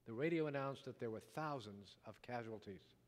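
A man preaching a sermon, telling a story dramatically, rising loud and dropping to a hush. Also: mid-range voice, moderate pace. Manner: dramatic storytelling, wide swings from loud to hushed. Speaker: pastor. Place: church sanctuary. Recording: long reverb of a large hall.

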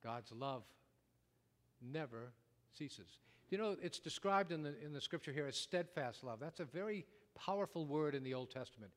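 A man preaching a sermon, telling a story dramatically, rising loud and dropping to a hush. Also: on the high side, expressive, a little fast, few pauses. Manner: dramatic storytelling, wide swings from loud to hushed. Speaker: pastor. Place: church sanctuary. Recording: long reverb of a large hall.

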